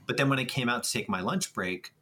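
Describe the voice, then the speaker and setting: Husky bright-toned man, easygoing. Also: medium pitch, quick pace. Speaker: podcast co-host. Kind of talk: casual chat.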